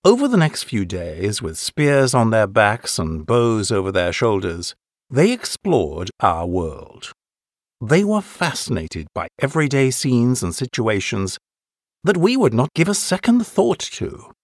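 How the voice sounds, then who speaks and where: A man reading a course-book listening text as scripted narration, expressive, with wide pitch swings. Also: a little slow, dry recording, clean studio sound.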